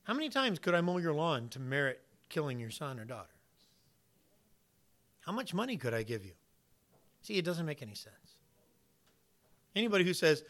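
Emphatic preacher, bright man's voice. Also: high voice, very animated, moderate pace, long pauses. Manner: emphatic, swings from quiet asides to loud punchy points; uses vivid hypotheticals and plays out imagined dialogue. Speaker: pastor. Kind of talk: sermon.

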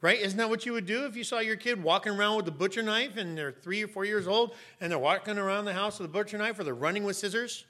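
A man's voice: high-pitched, quick pace, hardly any pauses. Emphatic man preaching a sermon. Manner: emphatic, rising to sharp raised shouts. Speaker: pastor.

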